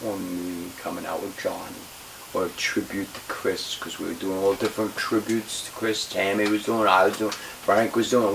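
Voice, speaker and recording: Heated and swearing freely, a retired pro wrestler recounts a wrestling story during an interview in a fairly low, gravelly voice. He's emphatic throughout, recorded on a distant mic with a faint hiss.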